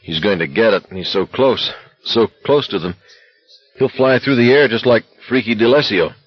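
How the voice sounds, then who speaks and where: A man's voice: lowish voice, normal speed, slightly rough, muffled recording. A man voicing an anxious young male walker who speaks urgently.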